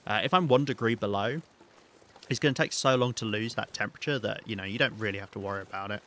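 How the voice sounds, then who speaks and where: A man's voice: fairly low pitch, fast talker, fairly bright tone. A British man streaming a survival game, rambling and thinking aloud as he plays, with many ums and restarts. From Britain. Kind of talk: live gameplay commentary.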